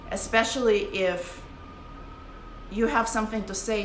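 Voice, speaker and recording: A woman's voice: medium pitch, measured pace, noisy background. A woman giving an impassioned, profane live-stream talk to her followers as a spiritual teacher. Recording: echoey room with faint ambience.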